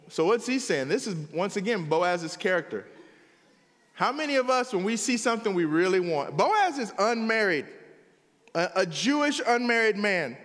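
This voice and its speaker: A pastor preaches with great animation, often laughing and tossing in quick asides. His voice is high for a man, and a long reverb trails after him through the room.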